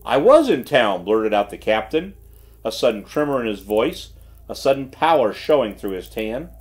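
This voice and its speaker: A man narrating a classic mystery audiobook in an expressive reading style. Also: on the low side, moderate pace. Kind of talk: scripted narration.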